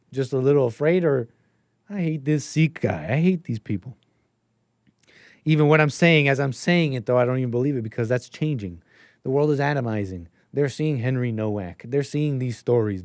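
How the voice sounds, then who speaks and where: A man's voice: mid-range voice, no room sound, studio quality. A young man hosting a casual live stream, riffing sarcastically over a clip with frequent laughing asides. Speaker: streamer host.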